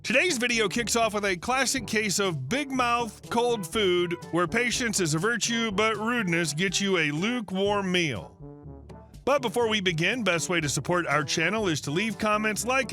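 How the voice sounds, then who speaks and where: Bright high-voiced male story narrator. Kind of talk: scripted narration of online stories.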